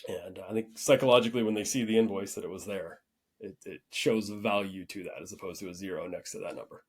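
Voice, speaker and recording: Podcast host, male, lowish husky voice, casual storyteller who rambles and restarts. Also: quick pace. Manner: relaxed, rambling with frequent restarts.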